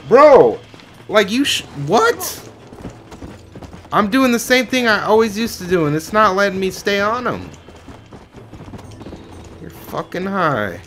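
A man's voice: sits high, big pitch swings, moderate pace, pauses often, sharp tone, slight background noise. A man doing gameplay commentary, swearing and exclaiming at the game out of frustration. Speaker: gamer.

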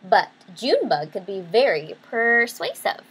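A woman's voice: medium pitch, sing-song, measured pace, breathy edge, rough recording. A woman reading a picture book aloud, chatty, stopping to explain the story in her own words. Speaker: reader.

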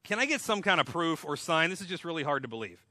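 A man's voice: on the high side, very animated, quick pace, pushed and bright, dry recording, studio quality, heavily acted. A man voicing a startled, doubtful old male priest who talks in incredulous slang. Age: older.

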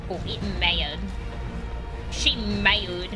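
A young woman playing a video game and commenting on it, chatty and animated, jumping between high squeals and low mutters and cooing at the creatures on screen. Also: extremely slow, over music. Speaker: gaming streamer. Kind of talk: let's play commentary.

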